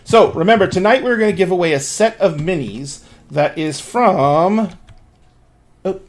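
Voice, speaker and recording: A man's voice: high voice, a little slow. A man running a tabletop game on a stream, talking in a casual, rambling way and swearing now and then. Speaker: game master.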